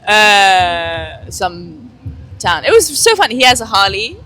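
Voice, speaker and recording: A woman's voice: mid-range voice, sing-song, slow pace, bright, forceful tone. A woman sailor in a casual street interview, laughing often and swearing casually.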